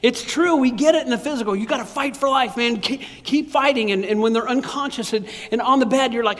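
With a notably high, slightly bright voice, a male pastor gives a casual, conversational sermon, stumbling, repeating words and laughing at his own jokes. He speaks fairly quickly with hardly any pauses. The long reverb of a big hall rings around him.

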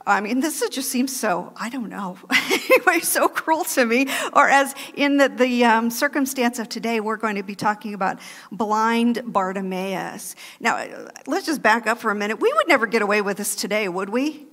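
A woman delivers a sermon in a loud, animated way, breaking into laughing asides. Her voice sits fairly high. It rings through a church with a long hall reverb. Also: normal speed. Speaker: guest preacher. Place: church sanctuary.

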